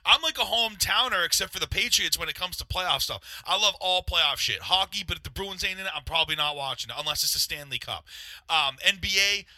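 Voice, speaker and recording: Bright-toned, cursing podcast co-host. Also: male voice, sits high, lively intonation, fairly quick, no room sound. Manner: laid-back, profane banter. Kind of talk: casual sports chat.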